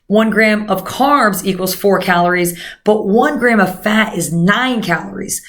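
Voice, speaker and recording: Unhurried and medium-pitched, with a fairly bright tone, the woman walks her viewers through a nutrition lesson. She stays conversational and loose, dropping fillers constantly and calling everyone "guys" as a nutrition coach would in a casual tutorial.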